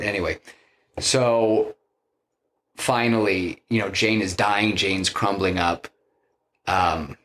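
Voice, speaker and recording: Slow, low-voiced man retelling a plot. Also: a bit bright. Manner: rambling, with many fillers and restarts. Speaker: podcast co-host pitching a film plot. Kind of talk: casual chat, retelling a story.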